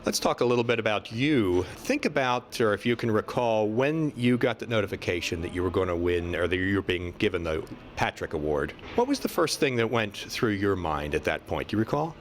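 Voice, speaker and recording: A man interviewing a guest, asking questions in a conversational, gently prompting way. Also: on the low side, expressive, fairly quick, hardly any pauses, slight background noise.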